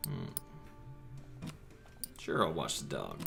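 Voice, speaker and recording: A man chats casually as he plays a game, relaxed and quick to laugh. His low voice swings widely in pitch, and clear game music plays behind him. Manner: relaxed, chatty, laughs often. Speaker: gameplay host. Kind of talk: casual let's-play commentary.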